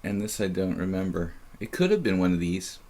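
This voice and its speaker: Low-voiced man musing over live chess. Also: sing-song, darkish tone. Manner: musing, halting, many fillers and restarts. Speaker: chess streamer and commentator. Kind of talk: live game commentary, thinking aloud.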